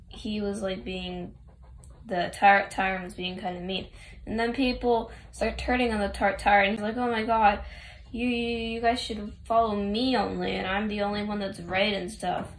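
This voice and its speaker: A woman rambles through a casual story recap, chatty and full of offhand asides. Her pitch sits in the middle range, and the room gives her voice a roomy echo. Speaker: fan recapping a game story.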